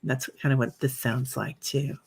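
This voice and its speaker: A woman hosting a live meditation stream. She chats with viewers, reads out their comments with plenty of fillers, and guides the breathing with soft, slow cues. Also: a bass voice, fairly even intonation, gravelly, a little hiss or hum. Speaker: meditation host.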